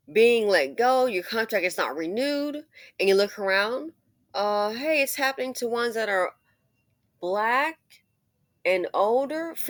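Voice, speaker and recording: Commentary host: preachy woman, slightly high voice, dry close sound. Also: no echo. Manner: preachy, emphatic, repeats phrases. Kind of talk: casual commentary monologue.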